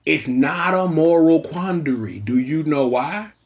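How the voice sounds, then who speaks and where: A man's voice: fairly high pitch, unhurried. A man hosting a casual, brash and slangy episode review, riffing at length. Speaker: show reviewer host.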